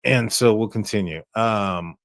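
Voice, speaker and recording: A man's voice: fairly low pitch, a little hiss or hum. A man casually talking through a crime case recording, rambling and restarting his sentences often. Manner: rambling, halting with many restarts. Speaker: true crime commentator. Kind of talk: casual commentary on a call recording.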